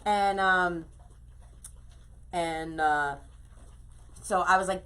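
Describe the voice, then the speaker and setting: A woman's voice: lowish voice, fairly even intonation, slow, long pauses, a bit bright, clear, resonant tone. A middle-aged woman hosting a casual craft live stream, chatting effusively and greeting viewers by name as she works.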